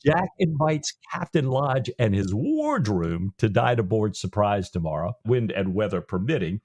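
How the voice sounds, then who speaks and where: A man's voice: fairly low pitch, a little slow. A man co-hosting a podcast, retelling a novel's chapter in casual chat and acting out its lines. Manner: animated storytelling with quoted lines. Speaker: podcast co-host.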